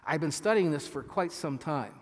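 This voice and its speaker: Earnest pastor preaching in a reverberant hall. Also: male voice, fairly high pitch, animated. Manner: earnest, halting with frequent restarts, reading scripture slowly with emphasis. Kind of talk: sermon.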